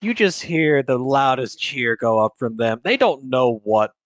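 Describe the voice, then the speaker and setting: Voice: medium pitch, big pitch swings, a little slow. A game master narrating a tabletop role-play stream in a casual, profane way, with frequent restarts. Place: home streaming setup.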